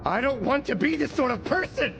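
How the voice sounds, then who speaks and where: A man voicing an embittered, violent young male criminal in an anime dub, shouting in anguish and defiance. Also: high voice, expressive, measured pace, noisy background. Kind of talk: English anime dub acting.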